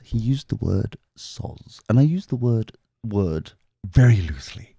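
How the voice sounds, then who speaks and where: Lively-pitched chatty man. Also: unhurried, no room sound, clean studio sound. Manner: chatty, laughing, jumps between high and low pitch. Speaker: podcast host. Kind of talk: casual chat.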